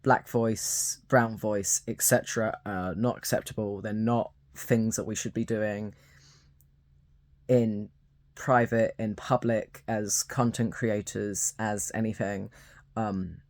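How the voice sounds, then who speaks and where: A young man speaks unscripted to camera, slow and hesitant, with a lot of ums and restarts. His voice sits a little low, and the recording sounds dry and close. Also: steady tone, no echo. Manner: hesitant, halting, with many fillers and restarts. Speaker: YouTuber. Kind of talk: unscripted talking-to-camera commentary.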